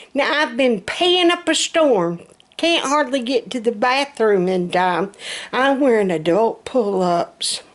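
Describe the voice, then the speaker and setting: A middle-aged woman, chatting in a self-mocking, storytelling way. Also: mid-range voice. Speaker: vlogger. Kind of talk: casual chat.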